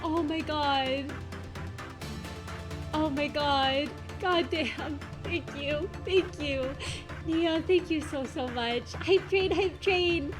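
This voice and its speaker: A woman VTuber streamer chatting casually on a live stream, gushing and excitedly thanking her chat. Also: high-pitched, drawn-out words, music in the background.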